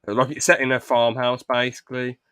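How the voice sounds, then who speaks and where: A young man hosting a podcast, pitching a film script in a rambling, stop-start way with lots of fillers. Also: little pitch movement, brisk, a bit bright, smooth, dry recording, studio quality. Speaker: podcast host. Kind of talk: casual podcast chat, reading out a film pitch.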